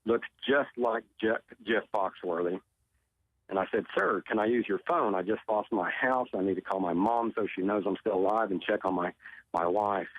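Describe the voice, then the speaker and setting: A man's voice: lowish voice, moderate pace. A man from Oklahoma, a guest on a talk show, earnestly telling a personal story and often repeating his words. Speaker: tornado survivor guest. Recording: tinny phone line.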